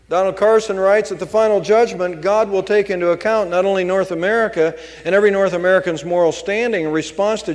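A man's voice: high-pitched, a little mellow, big-room sound. A man preaching a sermon as pastor, driving points home with emphatic repetition.

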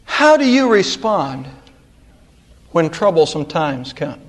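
High-voiced preaching middle-aged man. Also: sing-song, slow pace. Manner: dramatic preaching with sharp rises and drops in pitch. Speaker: pastor. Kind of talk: sermon.

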